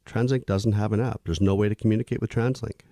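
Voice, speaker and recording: A deep-voiced man from Canada co-hosts a laid-back podcast, grumbling about local affairs and chuckling along the way. His tone is low and mellow, and the recording is dry and close. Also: fairly even intonation, fast talker, no echo. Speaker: podcast co-host. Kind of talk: casual podcast banter.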